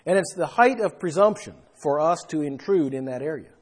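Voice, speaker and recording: Guy preaching a sermon, kinda high husky voice, punches the big words. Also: animated, brisk. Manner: emphatic, rising for stress.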